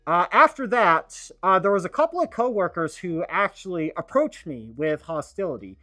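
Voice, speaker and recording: A man's voice: sits high, sing-song, sharp tone, no room sound, soft background music. Rambling man talking on stream. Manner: rambling, halting, heavy with fillers and restarts. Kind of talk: casual livestream monologue.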